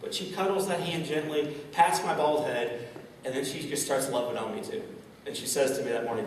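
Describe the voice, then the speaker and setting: A man's voice: mid-range voice, fairly quick, slight background noise. A man giving a keynote talk to a live audience, telling a personal story and speaking straight to the crowd. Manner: storytelling, addresses audience directly. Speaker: motivational speaker. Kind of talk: inspirational keynote speech. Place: large event hall. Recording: echoey hall, distant mic.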